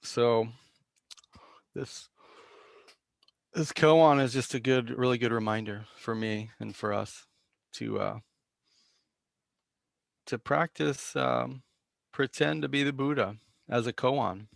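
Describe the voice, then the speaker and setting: A man gives a slow, unhurried Zen talk in a gravelly voice. He is reflective and self-deprecating, with lots of fillers and restarts and a cough now and then. The sound is close and dry. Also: medium pitch, no echo. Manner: halting, with many fillers and restarts. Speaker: Zen teacher. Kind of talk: dharma talk.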